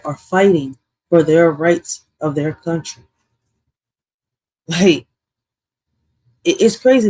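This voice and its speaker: A loose, rambling reaction-video host from Puerto Rico who repeats phrases and keeps jumping between loud outbursts and quiet asides. The voice sits in a middle register. It is recorded close and dry, with no room sound. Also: mid-range voice, no echo, rough recording. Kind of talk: casual commentary.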